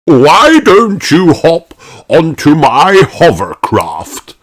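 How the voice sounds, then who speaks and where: A reader voicing a cheerful, energetic old male rabbit in a storybook, in a loud, jolly and exclamatory manner. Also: medium pitch, extremely slow, noisy background, voice pushed up, heavily acted. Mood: jolly, excited.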